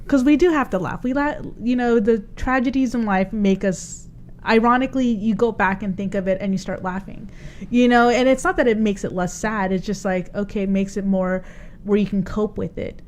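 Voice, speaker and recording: A woman's voice: medium pitch, normal speed, darkish tone. A woman hosting a podcast in a radio studio, a chatty storyteller who laughs often. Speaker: podcast host. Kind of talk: casual chat.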